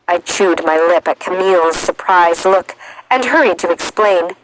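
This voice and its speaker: Measured woman reading an audiobook. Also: on the low side, steady tone, a little hiss or hum, poor audio. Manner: measured and reflective. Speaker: audiobook narrator. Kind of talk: first-person audiobook narration.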